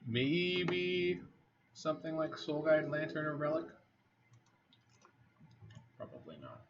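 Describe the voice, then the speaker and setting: A man talks his way through a card game, weighing plays aloud and muttering asides to himself in a wry, easy tone. His voice sits at a middling pitch and comes through a slightly dull, lo-fi mic. Faint clicking and low noise run underneath. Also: big pitch swings, slow pace. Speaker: game streamer. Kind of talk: casual commentary over a card game.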